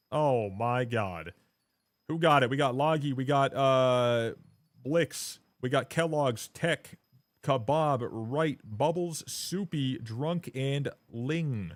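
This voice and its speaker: A man streaming a game live, chatting casually and rambling, swearing often and getting loud and hyped when thanking viewers. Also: mid-range voice, lively intonation, slow, dry recording. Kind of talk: casual live-stream chat while gaming.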